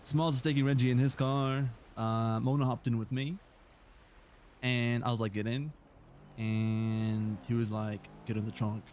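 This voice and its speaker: A man in a game roleplay, hoarse today, telling a rambling, aggrieved story of events. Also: mid-range voice, steady tone, moderate pace, a little mellow, a little hiss or hum. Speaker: roleplay gamer.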